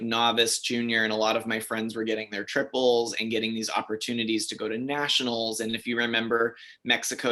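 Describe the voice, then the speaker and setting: A man in his thirties, an interview guest, telling stories in a chatty, animated way with many fillers. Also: medium pitch. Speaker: interview guest, figure skater. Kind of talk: casual interview storytelling.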